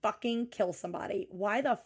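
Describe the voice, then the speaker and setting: A woman's voice: medium pitch, a little fast, breathy edge. A woman co-hosting a podcast in casual recap chat, swearing freely and laughing often. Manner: profane, animated, laughing often. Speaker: podcast co-host.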